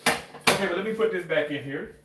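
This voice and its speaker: A man with a slightly high voice chats loosely through a home cooking vlog, wandering off-topic and swearing casually. He stands away from the mic in a roomy, echoing kitchen. A faint noise sits behind him. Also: a little fast, distant mic. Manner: chatty, rambling, casual swearing. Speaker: cooking vlogger.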